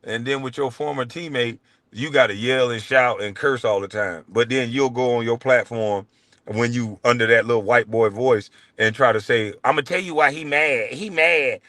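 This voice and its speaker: A middle-aged man sounds off as host of his own stream, blunt and full of profanity. His delivery keeps swinging between low, grumbling asides and loud outbursts, at a mid pitch. The voice is dry and close, with no room around it. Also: fairly even intonation, normal speed, no echo. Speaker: show host. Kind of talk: heated livestream rant.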